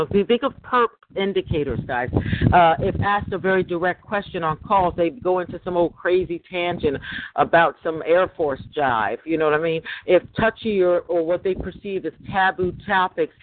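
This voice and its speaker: A man's voice: high-pitched, slight background noise. A man hosting a call-in show, rambling and talking straight to his listeners as "guys". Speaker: host. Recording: tinny phone-line sound.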